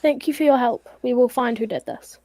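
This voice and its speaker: A woman at a tabletop game who plays a detective in a measured, questioning way. Her voice sits fairly high, and the sound is close and dry. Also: dark tone, no echo. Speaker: player.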